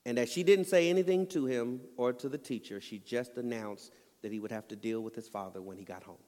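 A man preaching in a church sanctuary, his voice carrying a long hall reverb. He tells stories earnestly and rises to emphatic peaks. His pitch sits mid-range for a man. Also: fairly quick, a little mellow. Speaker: pastor. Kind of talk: sermon.

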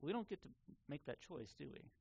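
A male pastor delivering a sermon with a voice that sits a little higher than most men's. He talks earnestly and conversationally, reasoning aloud with his listeners and sometimes stopping on a filler before pressing on. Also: big pitch swings, brisk, vocal fry, darkish tone, husky.

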